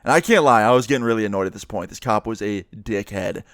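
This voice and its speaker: A young man from the New York area tells a personal story in a chatty, profane, animated way. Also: lowish voice, fast talker, smooth, no room sound, studio quality. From New York area, USA. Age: young adult. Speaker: vlogger. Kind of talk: casual storytime monologue.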